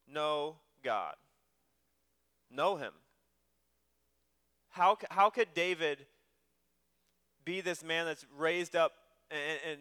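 A man's voice: a little high, sharp tone, smooth, in a large hall. A man preaching a sermon as pastor, in a conversational way, often repeating and restarting his words.

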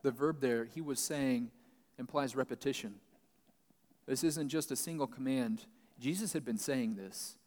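A man's voice: medium pitch, moderate pace, a little mellow. Man teaching scripture in a reverberant hall. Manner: reads a passage, then explains it plainly. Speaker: pastor. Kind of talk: Bible teaching, reading and explaining. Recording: long reverb, large hall.

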